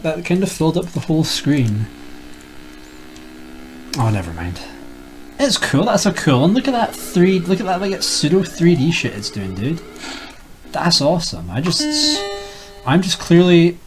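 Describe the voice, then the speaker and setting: This young man's high-leaning voice comes through poor audio as he plays retro games for YouTube. He rambles casually, cracks jokes, and talks to himself throughout.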